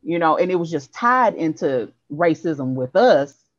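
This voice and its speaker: Low-voiced reflective woman, dull dry sound. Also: expressive, unhurried, no echo. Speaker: panelist, parent. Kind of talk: casual panel discussion.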